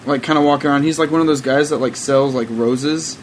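A man's voice: mid-range voice, steady tone, fairly quick, slight background noise, rough recording. Rambling young man telling a story. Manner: rambling, heavy use of "like", profane, laughing often. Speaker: podcast host. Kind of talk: casual storytelling.

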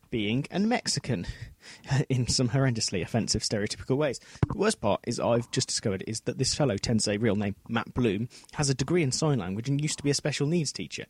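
A man's voice: mid-range voice, husky. A man co-hosting a podcast, recording a rambling, self-deprecating solo segment. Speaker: podcast co-host.

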